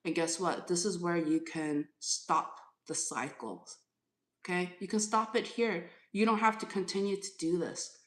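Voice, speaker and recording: A woman's voice: on the low side, unhurried. A woman tarot reader on a live stream, firmly lecturing a commenter and repeating her points. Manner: firm, lecturing, repeats herself. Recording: echoey room.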